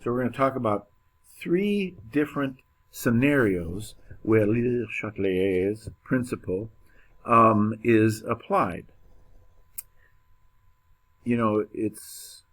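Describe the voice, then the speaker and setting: A man gives a chemistry lecture at an unhurried pace, his voice sitting on the low side. He talks casually, cracks small jokes and fills gaps with ums and uhs. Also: fairly bright tone. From United States. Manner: casual, joking, with many fillers and restarts. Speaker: chemistry teacher. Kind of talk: classroom lecture.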